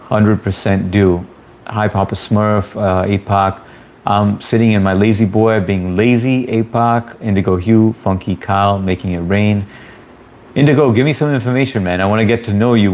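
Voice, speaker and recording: A man's voice: lowish voice, steady tone, normal speed, darkish tone. A man hosting a casual livestream, reading viewer comments aloud and greeting people by name in a laid-back, chummy way. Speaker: livestream host.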